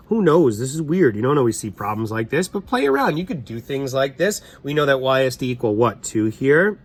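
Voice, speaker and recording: A man's voice: medium pitch, very animated, fairly quick, hardly any pauses. A man, a math teacher talking through a problem in a casual, chatty way and thinking aloud. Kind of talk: recorded classroom lesson walkthrough.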